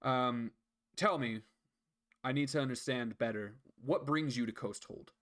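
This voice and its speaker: A man voicing a formal male city guard captain who speaks in a measured, earnest way in a tabletop game. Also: mid-range voice, fairly bright tone, close to an everyday voice.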